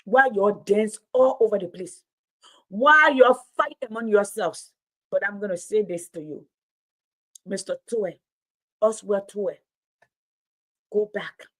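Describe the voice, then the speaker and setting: A woman's voice: mid-range voice, measured pace, long pauses, fairly bright tone. A middle-aged woman giving impassioned political commentary, indignant and emphatic, repeating phrases for stress.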